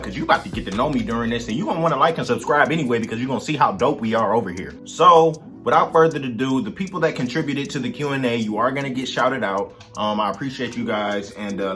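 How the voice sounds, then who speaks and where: Give me a relaxed, chatty man answering fan questions over background music. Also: medium pitch. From Detroit, Michigan, USA. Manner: laid-back, slangy, chatty with viewers. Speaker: musician and content creator. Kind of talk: casual Q&A vlog.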